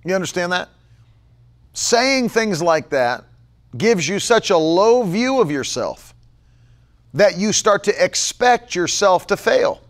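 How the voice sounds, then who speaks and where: Male preacher, high lively voice, slow deliberate emphatic delivery, repeats lines. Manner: emphatic, repeats key phrases, mocks others in a low mumbling voice. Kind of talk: livestream sermon.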